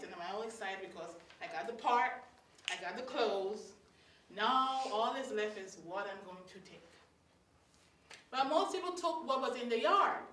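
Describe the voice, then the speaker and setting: Guyanese woman storyteller, animated and bright, heard from afar in a roomy hall. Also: a little high. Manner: animated, acts out scenes, laughs. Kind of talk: live storytelling to an audience. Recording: roomy hall, mic far off.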